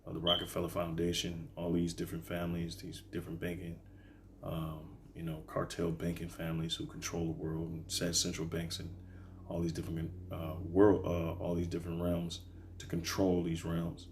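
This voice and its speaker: A man teaching from the Bible in a casual, halting way, reading verses slowly and filling pauses with "all right" and "okay". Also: low voice, completely flat delivery, a little hiss or hum. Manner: reads verses slowly then explains. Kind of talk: informal scripture teaching.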